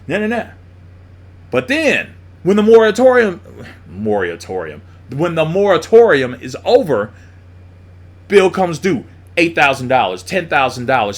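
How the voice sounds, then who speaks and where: Male commentator, blunt and profane, lively swinging pitch, a bit high-voiced. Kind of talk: opinionated monologue.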